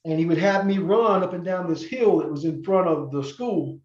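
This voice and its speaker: A man's voice: high voice, moderate pace, darkish tone. Rambling man in a roomy room. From North Carolina, USA. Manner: rambling, many fillers and restarts, acts out quoted people. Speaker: podcast guest, former wrestler. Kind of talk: casual interview storytelling. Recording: roomy, slightly muffled sound.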